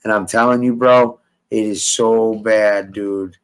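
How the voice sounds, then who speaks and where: A man's voice: on the low side, steady tone, takes it slowly, smooth, rough recording. A man hosting a casual talk stream, profane and emphatic, repeating himself as he vents. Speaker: show host. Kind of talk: heated casual chat.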